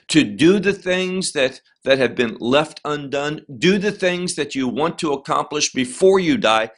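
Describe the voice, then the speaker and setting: A middle-aged man teaching a Bible chapter verse by verse, with slow, deliberate and emphatic phrasing. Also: medium pitch, fairly bright tone.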